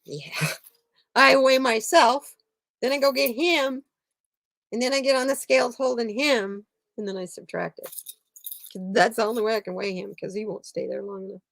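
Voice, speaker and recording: A woman's voice: a little high, steady tone, normal speed, creaky, a bit bright, dry recording. A woman hosting a casual chat stream from her home, rambling and laughing often. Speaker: channel host. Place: home room with a heater.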